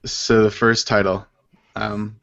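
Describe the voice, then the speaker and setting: A man co-hosting a casual podcast, deadpan and offhand. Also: lowish voice, takes it slowly, creaky. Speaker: podcast co-host. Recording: dull lo-fi remote audio.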